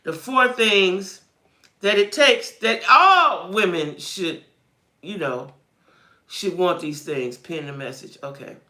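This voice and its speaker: A woman hosts a casual live chat stream in a very bright, forceful voice. She talks straight to her viewers, greets them by name, and narrates her own fumbling with the stream settings as she goes. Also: fairly low pitch, expressive, slow pace. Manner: thinks aloud while fumbling with stream settings. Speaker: livestream host.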